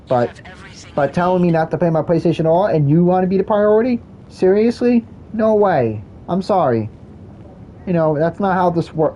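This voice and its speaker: A man's voice: on the high side, mellow, muffled recording. A man ranting casually while playing a game, rambling and restarting his sentences often. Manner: rambling, repetitive, many restarts. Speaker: gaming vlogger. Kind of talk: casual rant while gaming.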